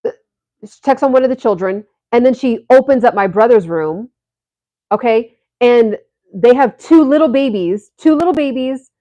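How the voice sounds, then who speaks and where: A woman's voice: a little high, mellow, no echo. A woman vlogger telling a story to her viewers in a casual, rambling way, full of fillers and restarts.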